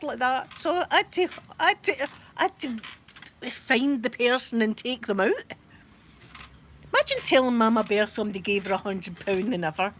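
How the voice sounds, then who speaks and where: A woman's voice: fairly high pitch, expressive, normal speed, fairly bright tone. A Scottish woman chatting casually to a live audience from her rocking chair at home, rambling and laughing often. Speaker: YouTube live streamer.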